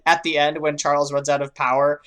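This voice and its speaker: Low-voiced woman podcast co-host. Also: little pitch movement, brisk, smooth. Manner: laid-back, hedging, filler-heavy. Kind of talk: casual chat reviewing a cartoon.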